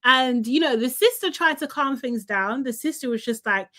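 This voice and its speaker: A woman's voice: sits high, expressive, moderate pace, pushed and bright. A young woman, chatting animatedly through a casual live recap and laughing often. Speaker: reality TV recap host.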